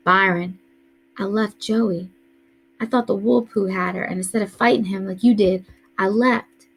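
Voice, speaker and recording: A woman's voice: medium pitch, steady tone, a little slow, gravelly, breathy edge, rough recording. A woman reading aloud voices an anxious young boy who pleads and protests in distress. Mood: distraught. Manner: pleading, upset.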